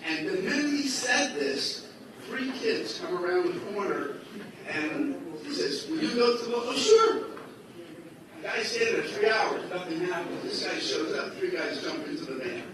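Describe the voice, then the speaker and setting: In a high-pitched voice with lively intonation and a moderate pace, a man shares a long personal story at a religious gathering, performing each character's dialogue in different voices. The setting is a large school hall, so the recording is very echoey, distant and noisy.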